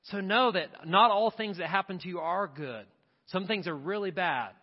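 A man with a high, bright-edged voice preaches an impassioned sermon, piling up repeated refrains as he builds. The sound is dull and muffled, with a long reverb trailing off the church walls. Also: moderate pace, slightly rough. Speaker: pastor. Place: church sanctuary.

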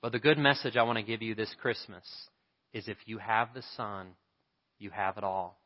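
A man's voice: fairly low pitch, fairly even intonation, moderate pace. A man preaching a sermon in a church, telling a story earnestly and then leading a prayer. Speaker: pastor. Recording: reverberant hall, dull lo-fi sound.

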